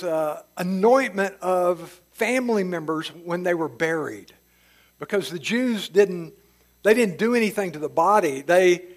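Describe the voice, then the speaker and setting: A man with a high voice teaches a Bible passage like a chat, retelling it in everyday words. He stops often for folksy asides and plain explanations. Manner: restarts and fillers, chuckles at times.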